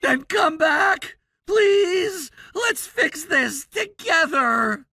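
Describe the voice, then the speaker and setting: A woman voicing a high-school boy in a text-story drama who shouts demands and then pleads tearfully. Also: expressive, drawn-out words, no room sound, clean studio sound, heavily acted. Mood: tearful remorse.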